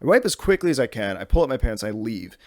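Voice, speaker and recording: With a fast, sing-song delivery and a slightly dark medium-pitched voice, a twenty-something podcast host rambles through a funny story. He keeps restarting, swears often, and sounds exasperated. The studio sound is clean and echo-free.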